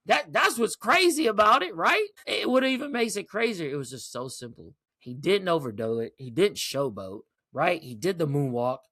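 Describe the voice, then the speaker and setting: Forty-something male host, fairly high lively voice, profane and emphatic casual talk. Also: dry recording, clean studio sound. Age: 40s. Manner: animated, profane, emphatic with rhetorical "right?". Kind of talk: casual commentary monologue.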